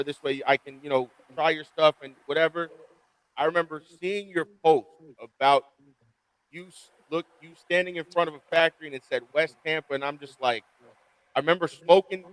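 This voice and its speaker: A man hosting a casual podcast chat, recalling events in a relaxed, rambling way. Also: on the high side, smooth, no room sound, rough recording.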